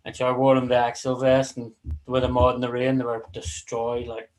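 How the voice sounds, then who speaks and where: A man's voice: medium pitch, completely flat delivery, brisk, poor audio. A man hosting a casual livestream chat, rambling between topics and swearing casually. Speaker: livestream host.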